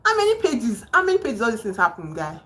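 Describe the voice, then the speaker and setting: A woman hosting a casual livestream, excitedly retelling a novel's plot with emphatic outbursts. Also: on the high side, fast, rough recording. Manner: excited, emphatic storytelling with sudden exclamations. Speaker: livestream host. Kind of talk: casual livestream chat about a book. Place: home.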